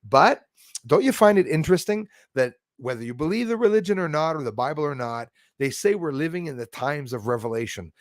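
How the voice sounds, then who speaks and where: A man's voice: fairly high pitch, animated, a little fast, no echo, clean studio sound. A man from Canada hosting a casual livestream, talking in a rambling, heated, blunt way with many restarts. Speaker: livestream host reading chat.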